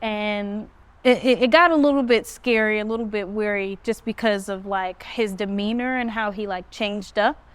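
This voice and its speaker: Smooth-voiced woman telling a story. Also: moderate pace. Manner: animated retelling, pitch jumps up when quoting herself. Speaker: podcast host. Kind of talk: casual storytelling. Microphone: phone.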